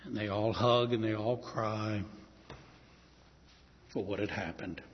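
A man preaching a sermon, retelling a Bible story in a vivid, animated storytelling manner. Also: lowish voice, slow pace, long reverb tail, lo-fi sound.

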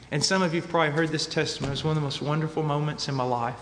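A man preaching a sermon, telling a story and building to fervent, shouted peaks. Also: on the high side, steady tone, racing, slight background noise. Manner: impassioned, rising to shouted peaks. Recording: reverberant hall with faint ambience.

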